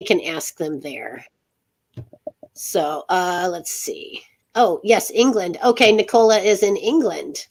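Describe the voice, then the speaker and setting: A woman's voice: on the low side, animated, slow, darkish tone, a little hiss or hum. Chatty woman host who laughs a lot. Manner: chatty, laughs often, rambling. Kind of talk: casual chat show interview.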